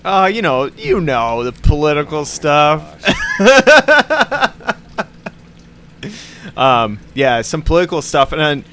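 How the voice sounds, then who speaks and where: A man's voice: on the high side, lively intonation, moderate pace, a bit bright, a little hiss or hum. A man hosting a podcast in casual chat, laughing often and swearing freely. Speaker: podcast host.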